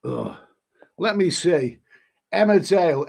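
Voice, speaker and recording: A middle-aged man hosts a casual YouTube live stream, reading the live chat in a fairly high, expressive, creaky voice with a darkish tone and measured pace. Sniffling from hay fever, he's blunt and crude, swearing freely and stammering over viewer comments.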